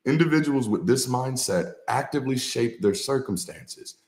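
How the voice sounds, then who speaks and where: A man's voice: medium pitch, expressive, normal speed, darkish tone. Echoey preacher-style man, repeats his points. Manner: preacher-like cadence, repeating key phrases; casual, with slang and swearing. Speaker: ex-pastor and co-host. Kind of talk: motivational talk with storytelling. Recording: echoey room.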